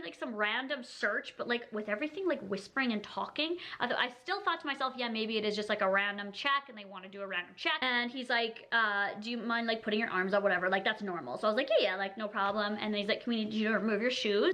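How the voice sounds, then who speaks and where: A young woman from Canada, telling a story to camera in a chatty, animated way and acting out what people said. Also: fairly high pitch. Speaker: vlogger. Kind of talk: storytime vlog.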